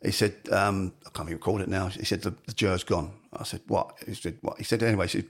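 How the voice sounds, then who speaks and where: A man's voice: deep voice, fairly even intonation, fast talker. A middle-aged man telling rambling anecdotes as an interview guest, peppered with "you know". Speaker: falconer and guest. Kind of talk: anecdotal storytelling.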